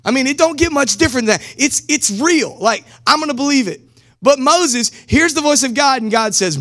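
A man preaching a sermon as pastor in a casual, energetic way, with slang and direct calls to the congregation. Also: very high-pitched, a little fast. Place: church service streamed live.

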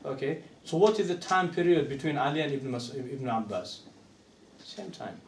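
A man's voice: mid-range voice, expressive, moderate pace, recorded from a distance, a little hiss or hum. A man giving a religious lecture to an audience, speaking conversationally and often asking rhetorical questions. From Uzbekistan. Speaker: Islamic scholar lecturing. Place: lecture hall. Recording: echoey room, speaker away from the mic.

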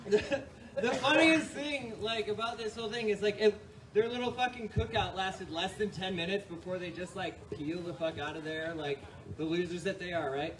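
A man's voice: high voice, moderate pace, crowd noise. A man from New York doing a rambling, profane stand-up set on a club stage, often laughing at his own jokes. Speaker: stand-up comedian. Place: comedy club stage with audience. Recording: distant mic, noisy live room.

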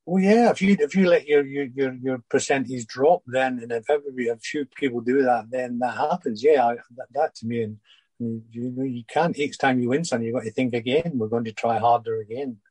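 An older former footballer, husky-voiced, recalling his career in a halting interview chat full of restarts. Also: mid-range voice, a little mellow, no room sound, rough recording. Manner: halting, many restarts and repeated words.

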